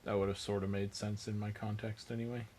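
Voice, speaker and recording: A man with a fairly low voice talks casually through his painting livestream. He thinks aloud as he works and answers viewers with dry, self-mocking jokes. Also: flat delivery, fairly quick, darkish tone, slight background noise. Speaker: miniature painting livestream host.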